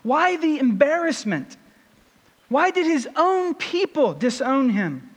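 Preacher, male, very high and animated voice, repeated rhetorical questions, long hall reverb. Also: takes it slowly. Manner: rhetorical questions, building intensity. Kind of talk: sermon.

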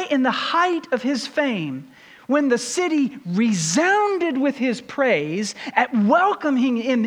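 High-voiced man preaching in a reverberant hall. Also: a bit bright. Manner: rhetorical questions, building intensity. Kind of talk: sermon.

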